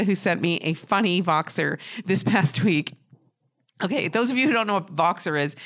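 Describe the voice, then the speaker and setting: A middle-aged woman from New Hampshire hosting a podcast, talking casually and warmly with many fillers and restarts. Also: on the low side. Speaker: podcast host.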